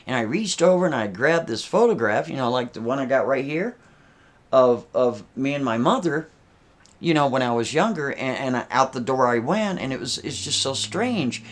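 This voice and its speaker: A man's voice: mid-range voice, lively intonation, normal speed, close to an everyday voice. A man doing a jumpy, defensive nervous guy. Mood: rambling. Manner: rambling, hesitant, with stammered restarts.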